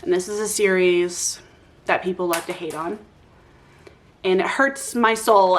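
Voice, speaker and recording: A young woman chats casually to camera as a booktuber, gushing with excitement. She swears freely and talks loosely, with plenty of restarts and fillers. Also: medium pitch, measured pace, slight background noise. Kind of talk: casual chat.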